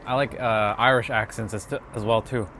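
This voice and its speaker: A man's voice: fairly low pitch, steady tone, normal speed, pushed and bright, a little hiss or hum. A man from North America, chatting casually with viewers on a livestream while making a hot drink. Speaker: livestream host.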